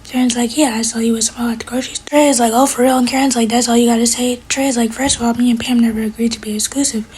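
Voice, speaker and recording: Fast, breathy woman recapping a TV episode. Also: on the high side, steady tone, a little mellow, rough recording. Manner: retells scenes by quoting each character with "she's like"; adds blunt personal asides to the characters. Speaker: TV episode reviewer.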